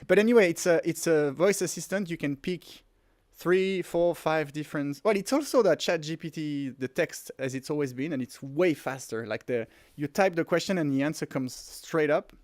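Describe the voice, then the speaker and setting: A man in his forties with a French accent, co-hosting a casual livestream and talking in an excited, rambling way with many restarts. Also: on the high side, moderate pace, dry recording, clean studio sound. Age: 40s. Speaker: podcast co-host. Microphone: headphones and close mic.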